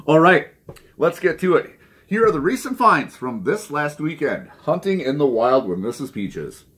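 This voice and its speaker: A man hosts his record channel in a loose, joking way, reading made-up news items and then chatting about his latest finds. His pitch swings up and down a lot as he talks. He laughs at his own gags and keeps things casual. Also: very animated, moderate pace, fairly bright tone. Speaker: vinyl record channel host. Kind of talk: casual joking news segment and haul chat.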